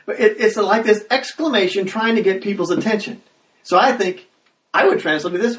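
A man preaching a sermon as pastor, talking conversationally and breaking into loud acted exclamations. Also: high-pitched, a little fast. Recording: roomy sound, mic at a distance.

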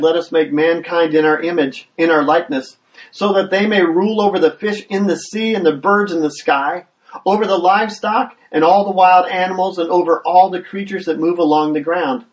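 A man's voice: high voice, distant mic, low-quality recording. A man preaching a sermon as a pastor, earnest and often repeating the first words of a phrase, building energy with questions.

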